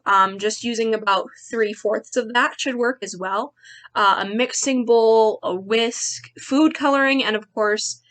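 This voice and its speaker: A young woman teacher reading a picture book aloud to children, expressive and playful with the sound words, then chatting to the kids about activities. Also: fairly high pitch.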